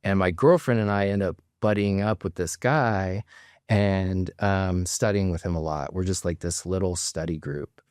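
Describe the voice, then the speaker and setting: Casual chat, deep-voiced guy in his 40s, lots of ums and likes. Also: moderate pace, darkish tone, no room sound, clean studio sound. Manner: rambling storyteller, many fillers. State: near tears. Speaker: podcast guest, plastic surgeon.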